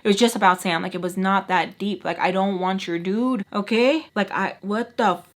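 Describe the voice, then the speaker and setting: A woman's voice: medium pitch, normal speed. Chatty young woman rambling through a storytime. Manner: animated, rambling, heavy use of "like"; talks directly to viewers, calling them "y'all". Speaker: beauty vlogger. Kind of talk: storytime chat while doing makeup.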